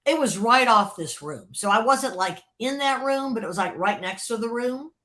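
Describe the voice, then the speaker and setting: A woman with a bright, forceful voice pitched a little high tells an eager story as an interview guest. She jumps between hushed asides and loud bursts of excitement, stumbling over repeated words. She laughs readily as she talks. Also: moderate pace. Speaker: interview guest, former record label creative executive. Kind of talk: animated storytelling in a podcast interview.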